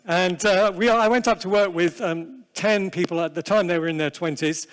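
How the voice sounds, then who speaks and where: A man's voice: high-pitched, moderate pace. Man speaking in a reverberant hall. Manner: conversational, self-deprecating, with fillers and asides. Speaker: seminar speaker. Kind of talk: prayer and sermon-style seminar talk. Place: large convention hall.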